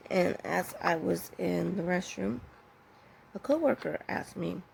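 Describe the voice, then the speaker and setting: Woman with a deeply gravelly voice. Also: darkish tone, slight background noise, poor audio. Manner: halting and candid, with pauses and self-corrections. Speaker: vlogger sharing her own story. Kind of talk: personal storytelling.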